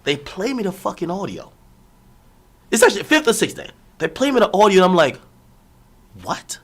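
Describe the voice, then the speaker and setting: A man's voice: high voice, very animated, a little fast, pauses often, breathy edge. A young man streaming, telling a long personal story in a rambling, profane, slang-heavy casual way.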